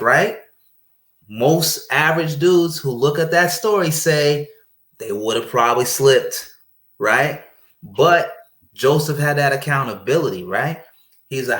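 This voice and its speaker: A man's voice: medium pitch, fairly bright tone. A man being interviewed on a podcast as a paramedic guest, telling a story animatedly, repeating phrases for emphasis and speaking in a faith-centered way. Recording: roomy echo.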